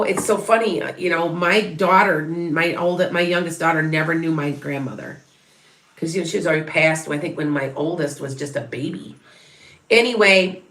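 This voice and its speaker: A middle-aged woman talks viewers through a psychic reading, chatty and rambling, breaking off and restarting her sentences. Her voice sits a little low for a woman. The room around her rings with a noticeable echo. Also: a bit bright. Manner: rambling, chatty, many restarts and self-corrections. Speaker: psychic medium. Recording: roomy echo.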